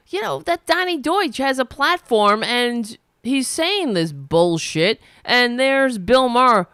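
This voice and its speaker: Angry, cursing woman host with a lively, swooping voice. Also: a little high, clean tone, no echo, studio quality. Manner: angry, profane ranting. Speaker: political commentary host. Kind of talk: livestream political commentary.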